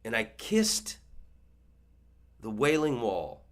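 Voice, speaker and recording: A man in his fifties, a comedian and podcast host, telling a story in a monologue with animated delivery and stammering restarts. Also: medium pitch, takes it slowly. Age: 50s.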